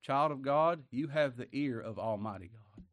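An older man preaching a sermon, swinging from hushed words to loud emphatic passages. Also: mid-range voice, normal speed, dry recording. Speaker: pastor.

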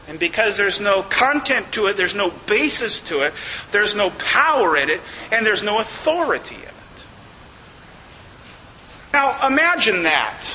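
A man preaching a sermon as pastor, emphatic, slowing down to stress key phrases. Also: high voice, pushed and bright, big-room sound, slight background noise, low-quality recording.

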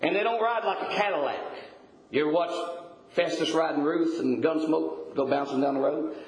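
A man's voice: fairly high pitch, moderate pace, slight background noise. An older man preaching a sermon in a folksy way, with stammered restarts and chuckling asides. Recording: echoey room.

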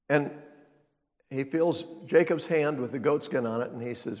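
A man's voice: a little high, normal speed, darkish tone. A man preaching a sermon as pastor, teaching in a conversational way and asking the congregation rhetorical questions. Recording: long reverb of a large hall.

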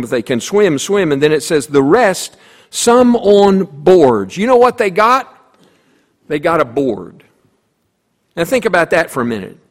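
A man preaching a sermon as pastor, telling a story with voiced characters and emphatic repetition. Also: on the high side. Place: church sanctuary. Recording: long reverb of a church hall.

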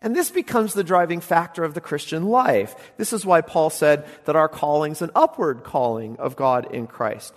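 A man preaching a sermon, emphatic, moving between loud exclamations and quiet, intense asides. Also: fairly high pitch, animated, moderate pace, few pauses, long reverb tail.

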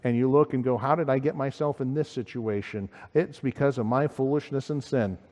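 Earnest preaching man in a hall. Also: fairly quick. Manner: earnest, rising emphatically then dropping low and quiet. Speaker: pastor. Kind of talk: sermon. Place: church sanctuary.

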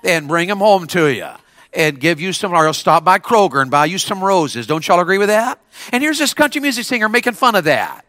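Lively high-voiced pastor preaching. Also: male voice, a little fast, no echo, studio quality. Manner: preaching with call-and-response and repetition. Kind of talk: sermon to teenagers.

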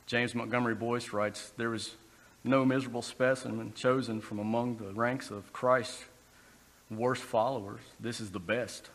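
A man's voice: mid-range voice, steady tone, normal speed, a bit bright. Man preaching in a reverberant hall. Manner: conversational, with restarts and acted quotes. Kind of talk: sermon. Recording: long reverb in a hall, faint background noise.

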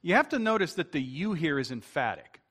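A man preaching a sermon as pastor, earnest, slowing down and rising in force to stress his main points. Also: a little high, big pitch swings, a bit bright.

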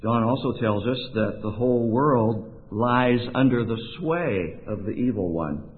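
A man from Oregon preaching a sermon in slow, deliberate phrases with emphatic pauses. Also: medium pitch, animated. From Oregon, USA. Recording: tinny, lo-fi sound with long hall reverb.

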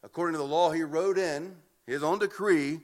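A man's voice: on the high side, normal speed. A man preaching an expository sermon, emphatic and often repeating words as he builds a point. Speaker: pastor.

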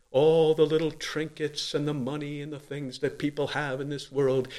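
Guy preaching a sermon, earnest, gets loud then goes real quiet, average pitch. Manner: earnest preaching, rising to loud emphatic stretches then dropping low.

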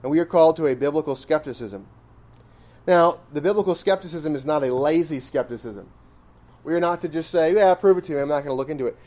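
A man's voice: a little high, mellow. Emphatic man preaching a sermon. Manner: conversational, questioning the audience, emphatic rises. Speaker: pastor. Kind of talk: expository sermon.

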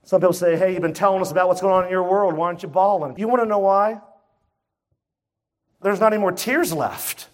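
A man's voice: high-pitched, a little fast. A man preaching a sermon to his church in an emphatic, conversational way, full of rhetorical questions. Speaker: pastor.

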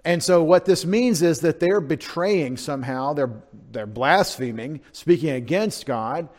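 A man's voice: on the high side, expressive, measured pace, few pauses, darkish tone, in a large hall. A male pastor preaching an expository sermon in a conversational teaching manner with emphatic rises. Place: church sanctuary.

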